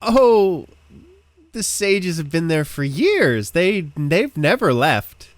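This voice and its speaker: A man's voice: on the high side, sing-song, slow pace, no room sound, voice pushed up. A man putting on a gushing, sugary townsperson. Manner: sugary, effusive praise. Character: gushing, overly pleasant city townsperson.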